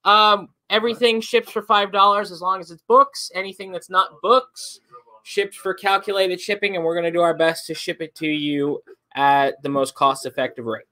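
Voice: medium pitch, fairly even intonation, sharp tone. An auction host on a live stream, calling out bids and chatting with co-hosts. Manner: reads out bids quickly, joking.

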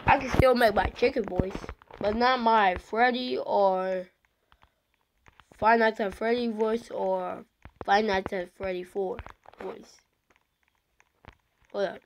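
A woman playing an online game, slightly hoarse from being sick, excitedly calling out what happens on screen. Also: medium pitch, slow pace, pauses often, a little hiss or hum, poor audio. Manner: excitable, shouting out reactions to the game. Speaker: gamer.

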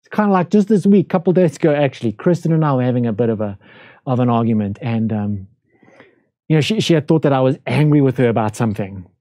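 Male pastor, deep mellow tone, chatty sermon style w/ rhetorical questions, dry sound. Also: animated, quick pace, no echo. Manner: conversational, with rhetorical questions to the congregation. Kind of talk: livestreamed sermon. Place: church room, during lockdown.

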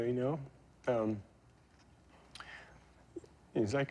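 A man in his forties, a guest in an interview, telling personal stories in a halting, emotional way with many fillers and restarts. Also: medium pitch, darkish tone, slightly rough. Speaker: interview guest, pro surfer. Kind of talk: reflective interview storytelling.

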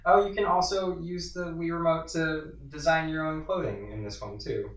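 A man's voice: fairly high pitch, moderate pace, roomy sound, distant mic, poor audio. A man hosting a casual chat while playing a video game, joking and chatty, trailing off with fillers. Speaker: host. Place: indoors at home in an apartment.

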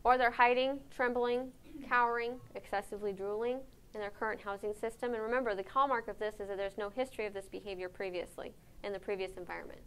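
A woman giving a conference lecture on animal behavior, lively and engaging, often checking in with her audience with questions. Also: mid-range voice, fast talker, hardly any pauses, clean tone. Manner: lively, asks the audience questions, frequent "right?".

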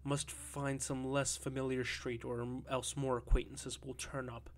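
A man reading a tired, anxious Russian gentleman. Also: medium pitch, level tone, unhurried, close to an everyday voice. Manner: soft, hesitant. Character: weary, anxious middle-aged Russian man.

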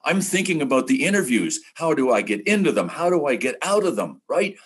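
An older man, a retired broadcaster, telling animated stories as a podcast guest and acting out other people's lines. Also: fairly high pitch, fairly quick, slightly rough. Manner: animated, acts out quoted voices. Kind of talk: casual podcast storytelling.

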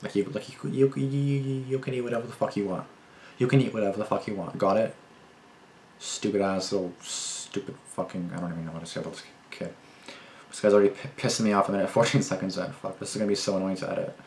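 A man's voice: fairly low pitch, steady tone, quick pace, a little mellow, echoey room, a little hiss or hum. A young man reacting to a video, rambling and repeating himself, swearing heavily and getting indignant. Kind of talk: casual reaction commentary.

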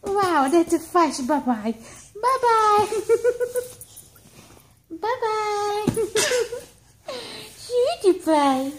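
A woman talks to her infant in a very high, bouncing voice, drawing each word out slowly. Her coaxing baby talk sits over loud background noise in a home video. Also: very animated. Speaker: mother.

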